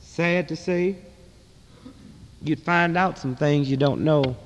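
A man delivering a fiery speech to a live audience, impassioned, rhythmic and sarcastic, swinging from loud to hushed. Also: on the high side, slow pace, slight background noise. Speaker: political activist speaker. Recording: long reverb in a large hall.

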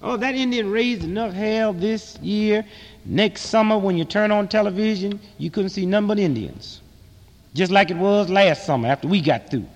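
A man delivering a fiery speech to a live audience, impassioned, rhythmic and sarcastic, swinging from loud to hushed. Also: high-pitched, normal speed. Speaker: political activist speaker. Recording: long reverb in a large hall.

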